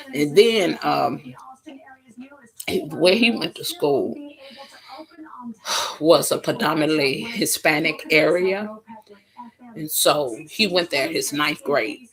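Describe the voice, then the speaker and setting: Lady on a live stream, middle-aged, slow and drawn out, exclaiming a lot. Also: low voice, creaky, poor audio. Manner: animated, exclaiming, drawn-out Southern phrasing. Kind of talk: casual storytelling chat.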